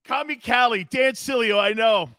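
A middle-aged man hosting a live sports talk stream, loud and excitable, reacting to the chat with exclamations. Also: very high voice, normal speed, no echo. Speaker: sports talk show host.

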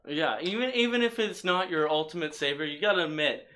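A man talking as a podcast guest, reflective and hedging, thinking out loud with lots of "like" and restarts. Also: fairly high pitch, lively intonation, brisk. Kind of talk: casual podcast chat.

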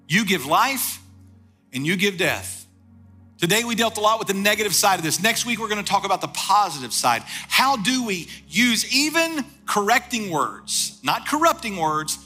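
Animated, bright-voiced male preacher. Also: sits high. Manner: storytelling, emphatic repetition. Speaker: pastor. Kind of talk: sermon.

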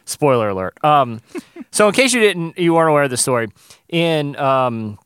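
Man, casual podcast chat, lively rising and falling voice, dry close studio sound, rambling and self-mocking. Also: fairly high pitch, moderate pace, smooth, no room sound. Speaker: podcast co-host. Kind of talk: casual banter. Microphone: studio mic.

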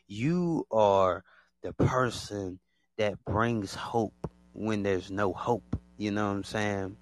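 A man's voice: fairly low pitch, slow pace, no echo. A man hosting a podcast, talking casually and at length to his listeners, rambling and repeating himself with many fillers. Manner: rambling and animated, heavy on fillers and repetition. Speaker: podcast host.

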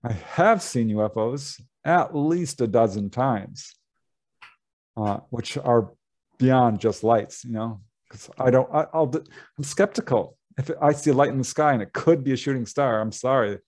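A man guest on a podcast interview, animated and laughing often as he talks through his experiences. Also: medium pitch, a little slow. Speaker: guest author.

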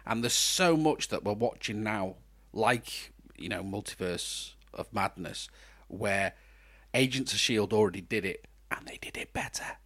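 A man co-hosts a podcast, chatting casually and enthusiastically about films and TV, rambling, laughing, and often restarting sentences. His voice is on the low side, a bit bright, and a little slow.

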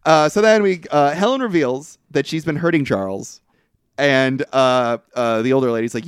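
A man casually recapping a movie on a podcast, lively and profane, breaking into mocking high outbursts. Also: moderate pace, clean tone, dry recording, clean studio sound. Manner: lively, swears, mimics characters in exaggerated high outbursts. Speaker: podcast co-host.

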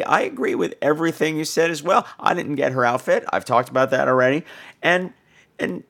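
A woman calling in to a podcast and telling a rambling story, jumping into high impressions. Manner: animated, jumps into high-pitched impressions. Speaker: caller.

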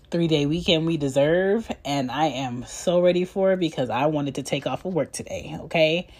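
Congested, slow-talking woman podcast host. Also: low voice. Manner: candid, sassy asides. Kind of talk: casual chat.

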